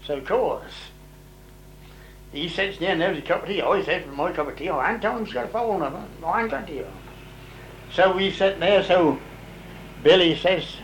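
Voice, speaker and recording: An older man spins a long, rambling farm story in easy dialect. His voice sits fairly high for a man, and a faint hum runs underneath it. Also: moderate pace, pauses often, poor audio. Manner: rambling, dialect grammar, lively when voicing others' words. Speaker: interviewee telling old farm stories. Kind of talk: casual storytelling.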